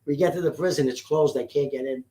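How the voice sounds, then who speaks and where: A man in casual chat who laughs loudly and tells his own story. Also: medium pitch, fast talker. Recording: echoey room with faint noise.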